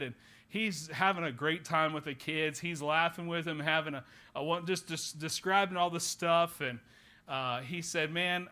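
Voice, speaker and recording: Man, Oklahoma accent, pastor, clear bright tone, rambling anecdote, filler-heavy. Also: on the high side. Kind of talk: sermon storytelling. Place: church sanctuary.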